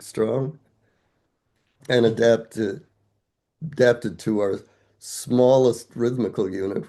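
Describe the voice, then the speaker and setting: A man's voice: lowish voice, warm tone. An older man, a guest scholar, explaining ideas step by step in a thoughtful, conversational academic way, asking himself rhetorical questions.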